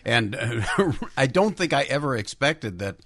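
A man's voice: medium pitch, sing-song, a little slow, fairly bright tone, dry recording. Jokey middle-aged man, dry studio sound. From Chicago area, USA. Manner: self-mocking, jokey storyteller. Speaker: guest, TV horror host. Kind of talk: radio interview chat. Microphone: studio microphone.

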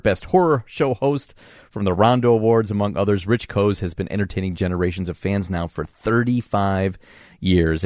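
A man hosting a radio interview, chummy and quick to laugh. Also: fairly low pitch, darkish tone, no echo, studio quality. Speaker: radio host. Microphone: studio microphone.

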